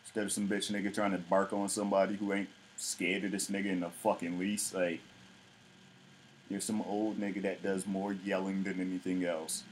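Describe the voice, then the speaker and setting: A man's voice: low-pitched, level tone, moderate pace, a little hiss or hum, low-quality recording. A man hosting his own show, ranting in a blunt, mocking, profane way. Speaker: vlog host. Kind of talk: casual ranting commentary.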